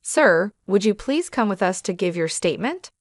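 A woman voicing a calm, cheerful police officer who speaks politely, in a story reading. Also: mid-range voice, normal speed, no room sound, clean studio sound.

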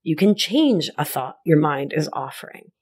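A woman's voice: sits low, big pitch swings, normal speed, darkish tone, husky. Woman podcast host, affectionate coaching talk. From Argentina, raised in Rhode Island. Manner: affectionate, calls listener my love, laughs at herself. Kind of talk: warm conversational podcast monologue.

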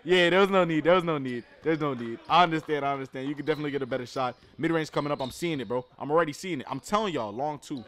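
Excitable man doing slangy game commentary. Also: on the high side, racing, few pauses. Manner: excitable, loud outbursts, slangy. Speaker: reaction streamer commenting on basketball. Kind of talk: casual live commentary.

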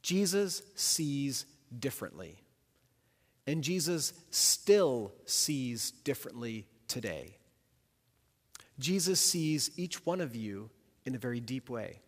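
A senior pastor giving a sermon with an emphatic, repetitive preaching cadence. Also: male voice, mid-range voice, very animated, takes it slowly. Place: church sanctuary. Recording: long church reverb.

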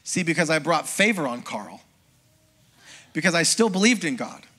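A middle-aged man, a pastor, preaching a sermon as a lively personal testimony and acting out the voices of people in his story. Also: fairly high pitch, normal speed, husky. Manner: storytelling, acts out quoted voices, conversational with congregation.

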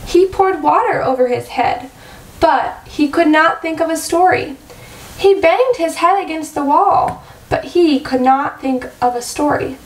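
A woman teacher reads a picture book aloud to young children, slow and clear with a high voice. Her voice echoes around the room, picked up from a mic some distance away. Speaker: first grade teacher.

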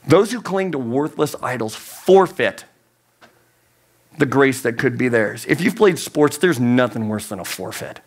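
Slow, emphatic youth pastor, man. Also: medium pitch, expressive. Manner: emphatic, repeats key phrases, voice climbs on emphasis. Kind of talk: sermon.

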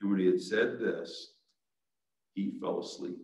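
A man's voice: fairly low pitch, unhurried, darkish tone. A male pastor preaching a sermon in an earnest way that builds to urgent exhortation. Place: church sanctuary. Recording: echoey church sanctuary, mic at a distance.

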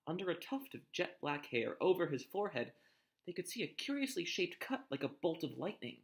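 A man reads a storybook aloud with a lively, expressive delivery. His pitch moves freely up and down as he narrates. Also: fairly quick, creaky. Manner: expressive, animated reading. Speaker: reader.

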